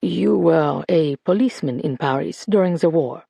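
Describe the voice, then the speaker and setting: A narrator gives voice to a determined woman who keeps her tone calm and controlled. She speaks measured and a little quieter, with a gravelly texture, in a dry close sound. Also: low-pitched, no echo, heavily acted. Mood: calm, probing. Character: calm, determined woman, former jewel thief.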